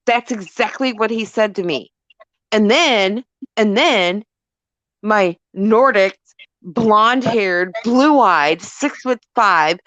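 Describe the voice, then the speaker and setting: A middle-aged woman hosting a casual chat, telling a story in an animated, emphatic way. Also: mid-range voice, dry recording. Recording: dull lo-fi dry audio.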